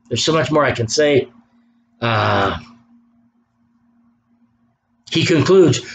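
Man, sermon, impassioned preaching, fairly high voice, faint background hiss. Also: poor audio. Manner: impassioned preaching, reading scripture aloud. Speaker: pastor.

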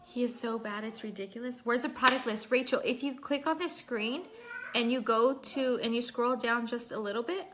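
A woman's voice: fairly high pitch, moderate pace, noisy background. Chatty woman doing a makeup livestream. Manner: chatty, reads out viewer names while working. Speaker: makeup vlogger. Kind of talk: casual livestream makeup tutorial. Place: home.

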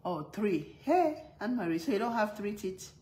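A woman's voice: medium pitch, sing-song, moderate pace, a little mellow, slight background noise, low-quality recording. A mother with a strong accent chatting casually on a live stream, laughing often and greeting viewers by name. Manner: strong non-native accent.

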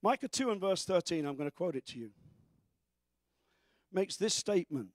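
A man preaching with great fervor, his voice sitting very high and rising into shouts to drive his points home. The sound is close and dry, with no room echo. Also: expressive, normal speed. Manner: fervent preaching that breaks into shouts. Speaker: pastor. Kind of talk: sermon.

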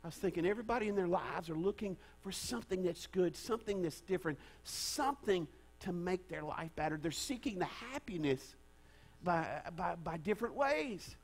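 A man's voice: sits high, expressive, normal speed, poor audio. Folksy preacher man. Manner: folksy and conversational, with hushed prayer and frequent restarts. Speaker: pastor. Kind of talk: sermon.

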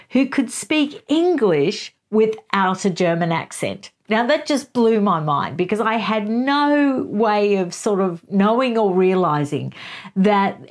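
A woman hosting a book review show, talking through a chapter in an animated, conversational way. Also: mid-range voice.

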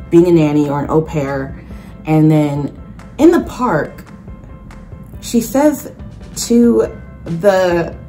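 A young woman vlogging in a casual, animated way, sarcastic and full of restarts. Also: deep voice. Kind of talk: casual chat.

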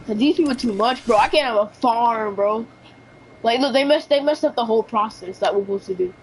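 A woman streaming a shooter game live, chatting casually and excitably with her viewers in slangy banter. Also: fairly high pitch, fairly quick, a little hiss or hum, low-quality recording. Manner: excitable, slangy, talks to chat. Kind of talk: casual livestream chat while gaming.

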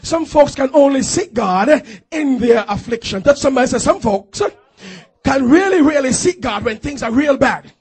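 A man's voice: extremely high pitch, lively intonation, normal speed, a little mellow, husky. A man pastor preaching a fervent call-and-response sermon in a church, urging the congregation to repeat phrases after him.

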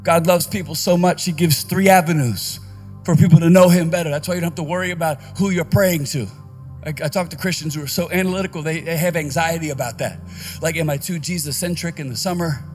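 A man preaching a conference sermon as a pastor, with energetic delivery that rises to shouts. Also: on the high side, fast talker, soft background music. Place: conference stage.

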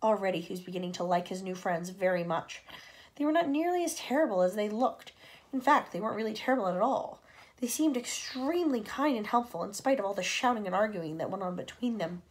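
Lady reading a kids' story out loud, very expressive, bouncy voice. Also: mid-range voice, brisk. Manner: expressive, warm sign-off to young listeners. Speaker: teacher reading aloud. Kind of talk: storybook read-aloud.

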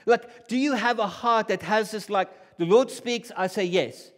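A man's voice: high voice, normal speed. Conversational preacher man in a reverberant hall. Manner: conversational, swings from hushed to loud. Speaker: pastor. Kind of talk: sermon. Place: church hall.

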